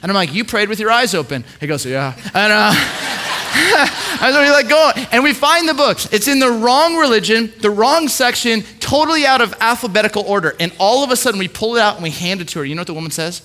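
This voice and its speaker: Bright-voiced preacher man telling stories. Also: sits high. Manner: animated storyteller, swings from hushed to loud; repeats words, quick asides. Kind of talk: sermon with storytelling.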